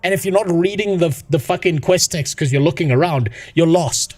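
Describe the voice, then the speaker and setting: A man's voice: on the high side, normal speed, a little mellow, faint music behind. A man ranting on a live stream about a game, profane and sarcastic. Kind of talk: casual live-stream rant.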